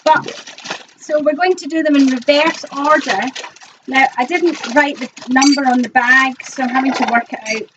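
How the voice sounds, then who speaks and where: A woman with a notably high voice co-hosts a live cabaret prize-giving. She teases her partner and giggles through the banter. The live recording sounds dull and a little hissy. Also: steady tone, normal speed. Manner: giggly, teasing, playful. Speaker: co-host of a live cabaret show. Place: live venue on stage.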